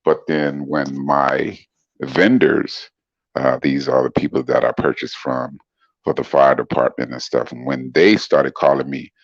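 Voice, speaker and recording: A middle-aged man with a remarkably low, smooth voice and a gravelly edge talks easily on a livestream, greeting commenters and chuckling. The stream audio is dull and lo-fi, with a dry, close sound. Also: little pitch movement, a little slow, no room sound. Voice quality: very deep smooth voice. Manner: laid-back, chuckling, greets commenters by name. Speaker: livestream guest reading chat comments. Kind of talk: casual livestream chat.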